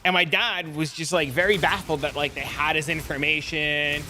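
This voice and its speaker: A male streamer talks casually to his viewers, drifting through a long story and stopping to answer the chat. His voice sits a little high and sounds bright and forceful. Soft music plays underneath. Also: steady tone, normal speed. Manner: rambling storyteller, chats with viewers. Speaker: live streamer.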